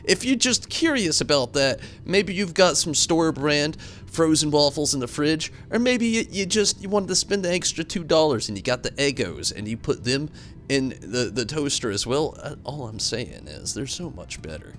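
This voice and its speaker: A young man streaming a game, rambling through animated stories and chatting with viewers at a desk mic. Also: a little high, moderate pace, a little hiss or hum. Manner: rambling, animated storytelling with swings into loud outbursts; reads out and answers viewer chat. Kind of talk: casual live-stream commentary.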